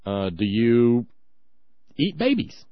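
Male talk radio host, lively sarcastic rant, dry and slightly dull mic. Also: mid-range voice, slow pace, no room sound. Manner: indignant, sarcastic ranting.

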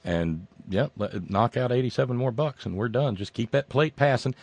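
A man hosting a call-in radio show, rambling and joking with sudden loud outbursts. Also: mid-range voice, animated, moderate pace, hardly any pauses, no room sound. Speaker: radio talk show host. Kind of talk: casual call-in radio banter. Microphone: studio microphone.

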